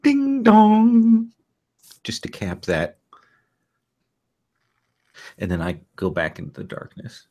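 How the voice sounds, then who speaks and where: A man with a low voice who plays a tabletop role-playing game. He describes his character's actions in a measured, deliberate way. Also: steady tone, breathy edge, dull audio. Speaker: player.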